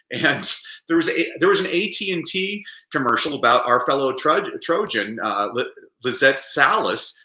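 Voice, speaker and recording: A man being interviewed on a podcast, telling animated stories and acting out the quotes. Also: medium pitch, roomy sound, low-quality recording. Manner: animated storyteller, acts out quotes. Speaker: guest speaker.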